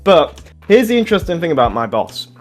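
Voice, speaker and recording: A man's voice: a little high, very animated, a little fast, faint music behind. A young man from England, co-hosting a podcast and telling casual anecdotes, swearing and laughing often. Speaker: podcast co-host. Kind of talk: casual storytelling chat.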